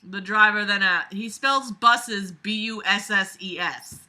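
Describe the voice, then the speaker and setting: A woman's voice: medium pitch, a little slow, sharp tone. A woman reading a story aloud and mocking it with sarcastic, profane commentary. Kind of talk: comedic dramatic reading with commentary.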